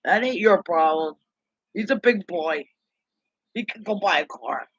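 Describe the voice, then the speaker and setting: A man's voice: high-pitched, lively intonation, a little slow, a bit bright, breathy edge, no echo. A man in a rambling, indignant gossip monologue, talking to himself. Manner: chatty, indignant, talks to himself. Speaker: vlogger. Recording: dull lo-fi dry recording.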